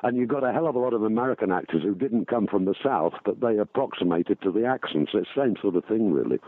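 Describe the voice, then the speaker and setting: A man's voice: on the low side, expressive, dry recording. Older man on a tinny phone line. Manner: halting, with many ums and restarts. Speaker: actor and guest. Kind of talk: interview over the phone.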